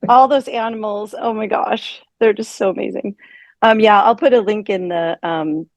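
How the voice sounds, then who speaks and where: A woman's voice: mid-range voice, a little slow, no echo. Cheerful woman hosting a video call. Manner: cheerful, chatty, with small laughs. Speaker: host of an online event. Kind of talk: casual chat on a video call.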